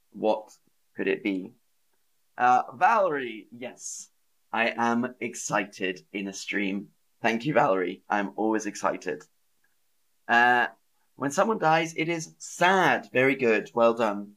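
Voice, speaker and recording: A man teaching English on a live stream, repeating words slowly and acting out feelings with sighs and gasps for learners. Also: lowish voice, fairly bright tone. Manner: slow, exaggerated, repeats words and sentences for learners.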